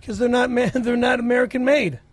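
A man's voice: very high-pitched, steady tone, fairly quick, slightly rough. A man playing a brash, foul-mouthed Italian-American podcast regular who squabbles and swears, with a Brooklyn accent. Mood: defensive. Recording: noisy background.

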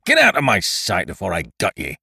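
A man's voice: deep voice, expressive, slow, sharp tone, no echo, studio quality, heavily acted. A man growling as a brutal pirate boss. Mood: menacing. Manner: growling and roaring threats. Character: brutal, bruised male pirate leader, gruff and menacing. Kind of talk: audiobook character voice.

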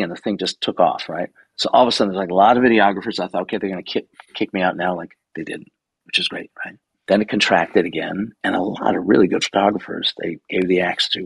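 A man in his sixties with a low, gravelly, somewhat husky voice, recorded dry and close. He chats through anecdotes in a loose, animated way, swearing casually and acting out the voices of the people he quotes. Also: no room sound, poor audio. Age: 60s. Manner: animated, swears freely, acts out quoted dialogue. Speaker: guest photographer. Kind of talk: casual interview storytelling.

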